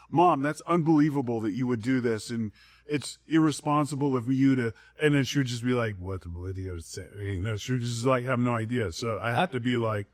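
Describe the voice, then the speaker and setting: A man co-hosting a podcast in casual chat. He talks in a relaxed way and explains his points at length. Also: medium pitch, no room sound, studio quality. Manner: relaxed, explains at length, slows down for mock broken English. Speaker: podcast co-host.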